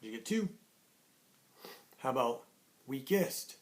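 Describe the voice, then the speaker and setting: A man teaching young children in an online lesson, cheerful and patient, slowly sounding out words. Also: mid-range voice, sing-song. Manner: cheerful, sings a greeting song, slow clear sounding out of words.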